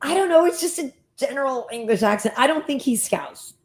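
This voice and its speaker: A woman hosting a casual chat show, talking in a chatty, enthusiastic way with quick asides. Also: high voice, animated, darkish tone. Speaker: host.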